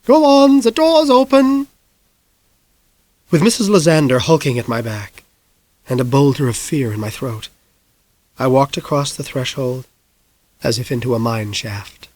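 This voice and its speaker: A man narrating an audiobook in a hushed, suspenseful manner. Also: medium pitch, moderate pace, no room sound. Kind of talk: scripted narration.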